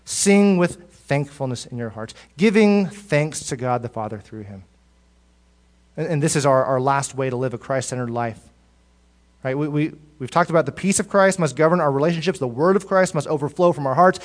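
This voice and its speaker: Preacher man swinging loud and soft. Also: moderate pace. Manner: swings between loud emphatic peaks and soft low asides, repeats words. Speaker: pastor. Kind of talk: sermon.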